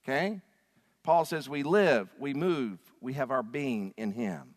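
A man's voice: mid-range voice, a little slow. A male pastor preaching a sermon to a congregation in an emphatic, declaring manner. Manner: emphatic, rising to loud declarations. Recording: long reverb of a large hall.

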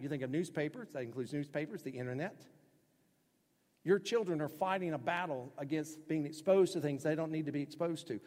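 A man preaching a sermon as pastor, emphatic, breaking into loud acted-out quotes now and then. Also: fairly high pitch, in a large hall.

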